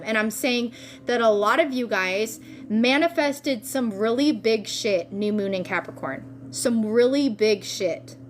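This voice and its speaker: A woman giving a casual spiritual tarot reading, excitable and slangy, swearing freely. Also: medium pitch, slight background noise. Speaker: tarot reader.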